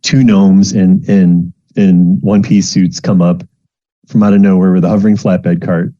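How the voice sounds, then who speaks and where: A man's voice: sits low, level tone, normal speed, warm tone. A man narrating as dungeon master, rambling with lots of fillers and restarts. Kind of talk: narrating a tabletop game. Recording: muffled lo-fi home recording.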